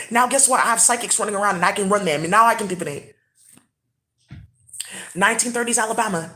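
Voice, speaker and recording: Rambling woman, whispering then shouting. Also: mid-range voice, fast talker. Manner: swings between hushed whispers and loud excited outbursts. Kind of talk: rambling monologue.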